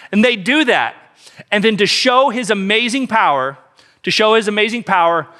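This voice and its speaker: Man, pastor, sermon, high voice, emphatic storytelling, repeats phrases. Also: bright, forceful tone.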